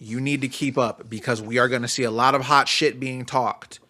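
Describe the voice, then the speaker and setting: A man hosting a casual wrestling podcast, excitable and profane, laughing often as he talks. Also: mid-range voice, brisk. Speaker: podcast host.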